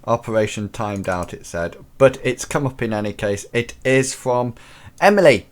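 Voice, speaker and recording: A man's voice: mid-range voice, fairly quick. Male host, chatty and upbeat, mid-range voice, casual live-show commentary. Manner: chatty, enthusiastic, full of fillers and restarts.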